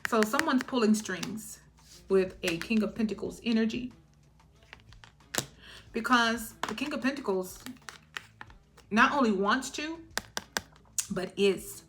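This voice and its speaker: A middle-aged woman giving a casual tarot reading in a chatty way, clearing her throat and laughing often. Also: on the high side, takes it slowly, pauses often, background noise. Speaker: tarot reader.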